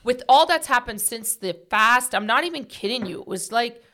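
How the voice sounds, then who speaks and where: A woman's voice: on the high side, expressive, moderate pace, bright, forceful tone. A woman hosting a podcast, talking earnestly in a casual heart-to-heart chat, full of "like" and "right?" fillers. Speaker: podcast host.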